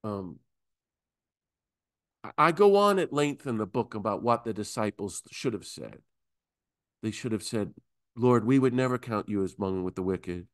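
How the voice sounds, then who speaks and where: A man, a priest, teaching a Bible class, retelling gospel scenes and acting out the disciples in higher voices. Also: moderate pace, long pauses. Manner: animated, acts out disciples in high voices.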